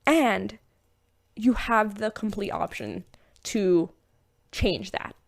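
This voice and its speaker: A young woman hosting a podcast, talking casually about spirituality in a chatty, animated way, with lots of fillers and frequent laughs. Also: medium pitch, slow pace, vocal fry. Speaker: podcast host.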